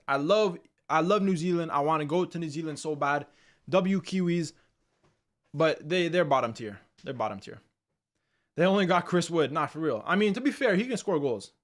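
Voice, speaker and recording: A young man casually hosting a live football ranking stream, chatting loosely and reacting to viewers' comments with slang. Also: fairly high pitch. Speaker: livestream host.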